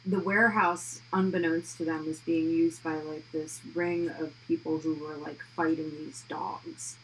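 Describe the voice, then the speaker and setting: A woman with a very low voice chats loosely, with frequent "like" fillers. She co-hosts a livestream and greets viewers. A faint hum sits behind her. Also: flat delivery, a little slow, rough recording. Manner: chatty, fills with "like" often. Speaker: livestream co-host. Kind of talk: casual chat.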